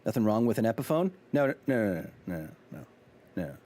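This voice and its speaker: Animated man chatting while gaming. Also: on the low side, a little fast. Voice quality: animated, jokey, talks to chat. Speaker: gaming streamer. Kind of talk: casual live-stream chatter.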